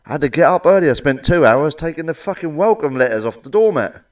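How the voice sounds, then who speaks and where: A middle-aged man doing blunt, crude stand-up one-liners with a deadpan delivery and plenty of swearing. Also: fairly high pitch, quick pace, far from the mic. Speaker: stand-up comedian.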